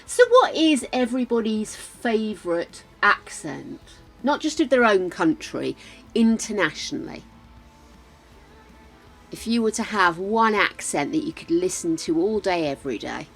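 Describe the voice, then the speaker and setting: A woman's voice: medium pitch, big pitch swings, a little slow, creaky, a bit bright. An older British woman streaming a game, chatting casually with viewers, laughing often and muttering to herself as she plays. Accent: British English. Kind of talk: casual chat while playing. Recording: faint game music behind.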